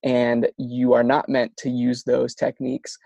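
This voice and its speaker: A man's voice: medium pitch, monotone, unhurried, gravelly, dark tone, dry recording. A man in an interview, explaining speech therapy techniques while stuttering with frequent sound repetitions and restarts. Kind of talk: conversational explanation.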